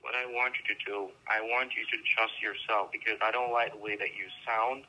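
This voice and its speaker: A man's voice: on the low side, flat delivery, a little fast, pushed and bright. A man on a phone call, pushy and insistent, repeating his instructions. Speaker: phone scammer. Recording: tinny phone line.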